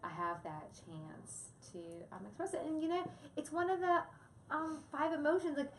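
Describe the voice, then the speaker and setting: With a high, very animated voice at normal speed, this parenting presenter co-hosts a relaxed educational chat. She laughs a lot and uses examples, recorded in an echoey room with faint background noise.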